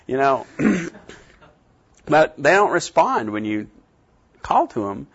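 A man giving a classroom lecture on translation, animated, often acting out little scenes with sudden jumps in pitch. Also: takes it slowly, creaky, long pauses, husky, highs cut off. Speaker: teacher.

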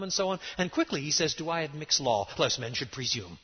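A middle-aged man preaching a lecture-style sermon, emphatic and animated, with sudden rises and drops in his voice. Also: fairly high pitch, a little fast, few pauses, husky. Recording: dull sound in a large reverberant hall.

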